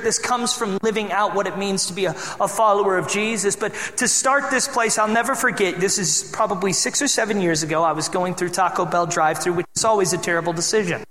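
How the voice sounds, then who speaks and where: Storytelling pastor in an echoey hall. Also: male voice, sits high, sharp tone, a little hiss or hum. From Michigan. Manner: conversational storytelling, teasing the congregation. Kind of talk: sermon. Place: church hall.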